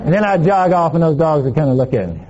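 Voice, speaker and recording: A man preaches a sermon, telling a playful story with laughter. His higher voice swings widely in pitch. The recording sounds muffled and lo-fi. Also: sing-song, quick pace, heavy background noise.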